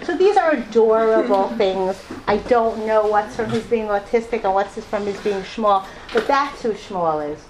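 A woman's voice: medium pitch, animated, moderate pace, few pauses, a little hiss or hum, low-quality recording. A mother telling personal stories to a live audience, laughing often and acting out the people she quotes. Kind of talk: personal storytelling talk.

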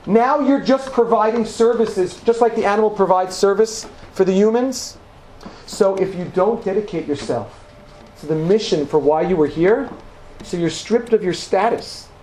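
High-voiced man lecturing in an echoey room. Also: a little mellow, a little hiss or hum. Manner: conversational, emphatic, repeats words for stress. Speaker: rabbi teaching a class. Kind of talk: Torah lecture to a live audience. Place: room with a live audience.

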